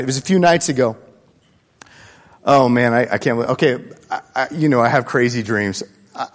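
A man preaching a sermon as pastor, animated and swinging between loud bursts and hushed asides. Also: medium pitch. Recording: long hall reverb.

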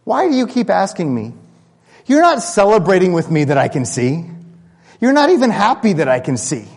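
A man's voice: high voice, wildly swooping pitch, moderate pace, gravelly, in a large hall, pitched above the performer's own voice, full character voice. A preacher voicing an exasperated healed man. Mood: frustrated. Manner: frustrated, pointed questioning.

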